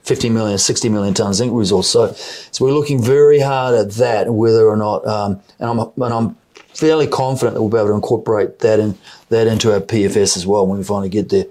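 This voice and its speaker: A man's voice: on the low side, fairly even intonation, quick pace, dark tone. A man from New Zealand with a New Zealand accent, a mining company executive answering questions in a conversational interview, often repeating words as he explains.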